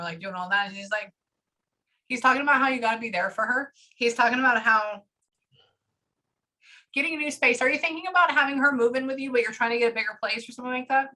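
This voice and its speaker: A woman working as a psychic medium, talking fast and casually through a live reading and swearing freely. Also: on the high side, bright, forceful tone. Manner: rapid, chatty, swears casually.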